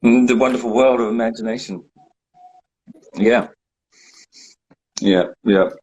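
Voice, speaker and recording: A man's voice: medium pitch, fairly even intonation, unhurried, a little mellow, husky, lo-fi sound. A man in his forties chatting casually and joking at his own expense on a video call from home. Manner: joking, self-mocking. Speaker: director hosting a watch party. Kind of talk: casual chat.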